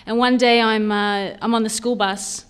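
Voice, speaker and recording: A woman speaking candidly and haltingly about her own recovery, as a personal testimony. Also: fairly high pitch, fairly even intonation, smooth. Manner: candid, halting, with fillers and repetition. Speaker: speaker sharing a recovery story.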